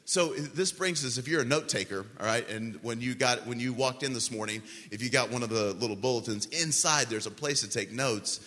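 A man preaching a sermon as pastor, telling the story with animated voices for panicked disciples. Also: mid-range voice, fairly quick, few pauses. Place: church sanctuary. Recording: long reverb of a large hall.

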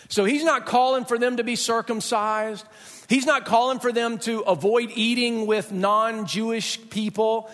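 A man preaches a sermon in an emphatic, conversational way and leans on dramatic pauses. His voice sits unusually high for a man. The sound carries a long reverb, as if it were recorded in a church sanctuary. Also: a bit bright. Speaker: pastor.

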